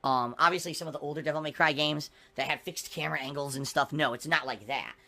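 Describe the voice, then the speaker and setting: A man's voice: fairly high pitch, fast, creaky, pushed and bright. A man streaming games, ranting indignantly with lots of swearing and repetition. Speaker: game streamer. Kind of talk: livestream rant.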